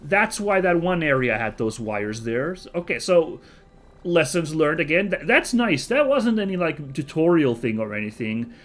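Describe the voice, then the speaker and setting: A man's voice: a little high, big pitch swings, normal speed, fairly bright tone. A man hosting a casual let's-play video, chatty and thinking aloud with frequent fillers and self-corrections. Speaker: gaming video host.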